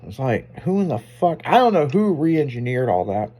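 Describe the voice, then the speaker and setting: A laid-back male show host in easy, profane conversation, laughing often. His voice sits at an ordinary middle pitch for a man. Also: big pitch swings, warm tone. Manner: loose, profane, quick to laugh. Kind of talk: casual chat.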